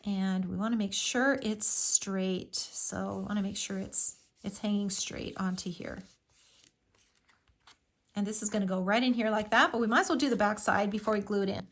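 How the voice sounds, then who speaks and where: A woman's voice: medium pitch, moderate pace. A woman hosting a live craft tutorial, talking through each step in a chatty, enthusiastic way with frequent fillers.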